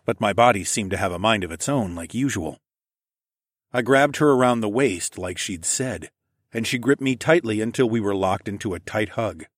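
A man's voice: lowish voice, breathy edge, no room sound, studio quality. A man narrating a fantasy story in first person, reading steadily. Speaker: audiobook narrator.

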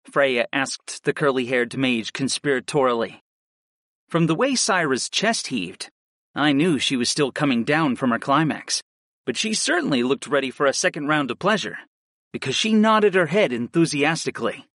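A man reading a first-person story aloud in a steady, measured narration style. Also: mid-range voice, no room sound, clean studio sound. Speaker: audiobook narrator.

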